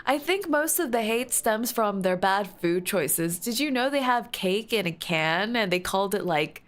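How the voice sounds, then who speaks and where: A woman's voice: mid-range voice, lively intonation, measured pace. A woman streamer chatting casually with her viewers, playful and giggly, breaking into squealing outbursts now and then.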